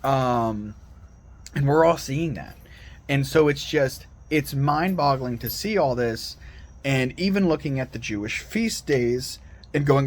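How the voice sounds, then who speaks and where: A man's voice: mid-range voice, animated, measured pace. A man giving a rambling, earnest solo monologue as a Christian video commentator, full of digressions and restarts.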